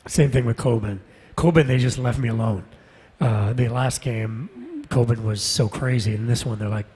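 A man's voice: mid-range voice, normal speed. A man who voices game characters, chatting casually on a convention panel and laughing often. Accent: Canadian. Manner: laughs often, relaxed and self-deprecating. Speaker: voice actor guest on a convention panel. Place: large convention hall stage. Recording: long hall reverb, husky voice.

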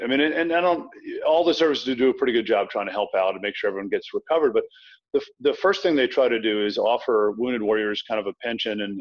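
Quick, restart-prone man on a lo-fi line. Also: on the low side. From Virginia. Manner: quick, anecdotal, frequent restarts. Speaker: author guest. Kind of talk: casual interview chat. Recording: dull lo-fi sound.

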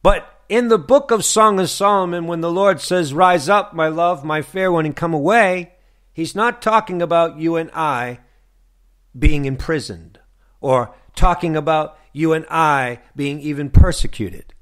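A man's voice: on the high side, a little slow, a bit bright. A man preaching a fervent sermon on a broadcast, pressing listeners with repeated questions.

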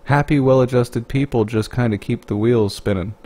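A man's voice: medium pitch, steady tone, moderate pace, warm tone. A man giving sarcastic, blunt and profane commentary on another man's video.

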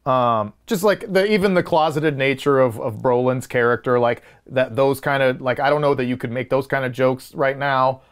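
A man's voice: mid-range voice, steady tone, normal speed, few pauses, clear, resonant tone. A man co-hosting a casual movie review podcast, arguing his points emphatically and restarting sentences as he builds them. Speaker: podcast co-host.

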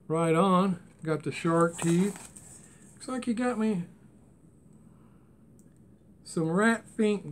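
A man's voice: on the high side, slight background noise. A man, chatting casually and rambling in a folksy way while unboxing toy cars for his channel. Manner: chatty, folksy and rambling, with Southern-style grammar. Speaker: die-cast car hobby vlogger.

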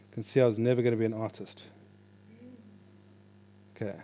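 A man teaching a church class on reading the Bible, in a lively, joking conversational way. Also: fairly low pitch, a little fast, a little hiss or hum. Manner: animated, jokey, with lively quoted voices. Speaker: pastor teaching a Bible course. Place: church hall before an audience.

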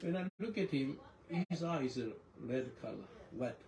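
In an echoey room full of responding congregants, a pastor preaches a sermon with testimony in a creaky, medium-pitched voice at normal speed. He's an animated storyteller who laughs often and uses non-native phrasing.

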